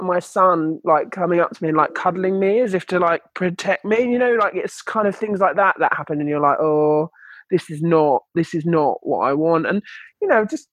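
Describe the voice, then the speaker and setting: A woman's voice: low-pitched, dry recording. A young woman, telling her story as a podcast guest, chatty with lots of filler words. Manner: chatty, many "like" and "you know" fillers. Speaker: guest, children's book author. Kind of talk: candid podcast interview.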